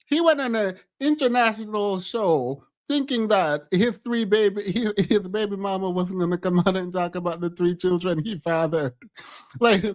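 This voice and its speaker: High-voiced man in lively reaction chat. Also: normal speed. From outside the US. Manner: animated, laughs often, jumps in pitch when exclaiming. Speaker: streamer reacting to a show. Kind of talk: casual reaction commentary.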